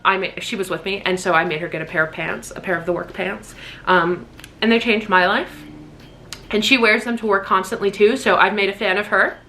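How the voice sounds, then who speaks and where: Bright, gushing young woman vlogger. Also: mid-range voice, slight background noise. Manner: gushing, excitable, swears casually. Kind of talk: casual birthday haul vlog.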